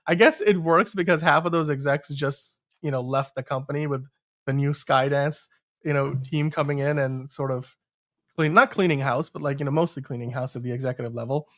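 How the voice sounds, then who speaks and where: A man's voice: fairly high pitch, brisk, fairly bright tone. A man hosting a live-streamed podcast, talking in a rambling casual way with many restarts. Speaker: podcast host.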